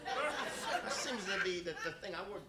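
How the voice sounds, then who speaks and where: A loud crowd and heavy background noise surround a middle-aged man whose voice sits high, expressive and unhurried. He's doing crowd work in a brash, profane stand-up set at a club, recorded live with the audience laughing.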